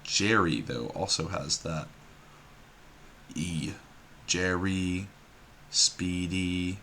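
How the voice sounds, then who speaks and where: Speaking very slowly in a deep, steady, sharp-toned voice, a puzzle streamer muses over a word puzzle at his computer. He trails off hesitantly and repeats words under his breath, with a little background noise audible.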